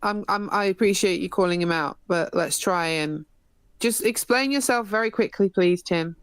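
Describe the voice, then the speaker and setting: A woman's voice: medium pitch, moderate pace, clean tone, dry recording. A woman hosting an online debate stream, questioning participants and asking them to explain. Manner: questioning, repeatedly interrupting to ask why. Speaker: stream host moderating.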